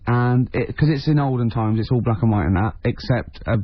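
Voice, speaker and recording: Deadpan joking man on radio. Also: medium pitch, brisk, husky, no echo. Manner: deadpan, jokey, rambling asides. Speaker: radio co-host and film reviewer. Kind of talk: casual radio banter. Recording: dull lo-fi radio recording.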